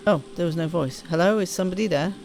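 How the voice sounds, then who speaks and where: A woman's voice: lowish voice, fast talker, background noise. A woman casually commenting on a game she is playing, chatty and self-deprecating as she reads the on-screen text aloud. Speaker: gaming streamer. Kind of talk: casual let's-play commentary. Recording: voice over clear game music.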